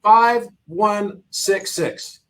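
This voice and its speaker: On a podcast, a middle-aged male guest with a notably high, slightly bright voice speaks extremely slowly in casual conversation. He eagerly explains number patterns, repeats key figures for emphasis, and laughs now and then.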